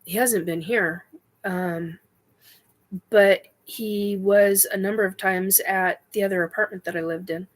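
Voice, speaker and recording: A middle-aged woman hosting a spiritual livestream chat, talking in a halting way with many ums and self-corrections while she answers viewer questions. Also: mid-range voice, steady tone, rough recording.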